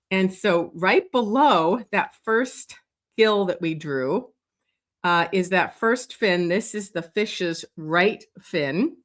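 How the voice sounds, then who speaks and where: A woman leading a live drawing lesson, talking slowly and thinking aloud as she sketches, with many pauses and fillers. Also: mid-range voice, fairly bright tone. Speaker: drawing instructor. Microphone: streaming setup.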